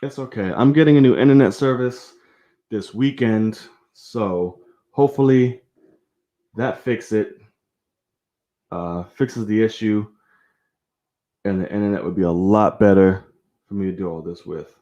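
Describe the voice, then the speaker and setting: A man's voice: lowish voice, a little slow, long pauses, warm tone, muffled recording. A man hosting a live-streamed sports show, giving heated, profane opinions and speaking straight to his viewers. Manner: addresses viewers directly.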